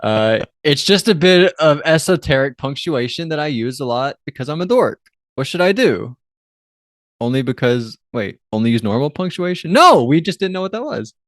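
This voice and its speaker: A man's voice: a little high, sing-song, no echo, studio quality. Joking young man co-hosting a podcast. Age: 20s. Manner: joking, swearing, quick banter. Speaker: podcast co-host. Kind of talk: casual chat.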